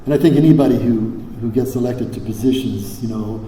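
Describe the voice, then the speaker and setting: An older man from Hawaii gives a recovery convention talk in a mellow, relaxed voice, with lots of fillers, restarts and blunt salty words. His voice rings through a large echoey hall with a long reverb tail and a faint background hum. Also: mid-range voice, a little fast. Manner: rambling, many fillers and restarts, salty language. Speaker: convention speaker.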